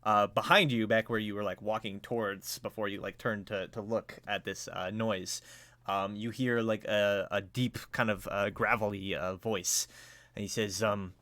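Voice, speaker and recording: A man's voice: fairly low pitch, fairly even intonation, normal speed, pushed and bright, dry recording. A man narrating a tabletop game as game master, hesitant and full of fillers.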